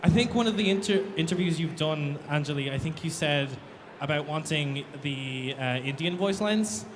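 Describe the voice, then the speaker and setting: A man's voice: on the high side, normal speed, slight background noise. A man asking a hesitant, filler-heavy question at a convention panel. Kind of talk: audience question. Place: convention hall.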